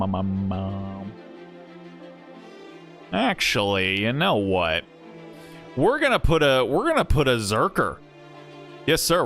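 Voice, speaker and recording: A man's voice: on the low side, fairly bright tone. A man streaming a game, chatting in a rambling way full of fillers and chuckles. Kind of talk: casual gameplay commentary.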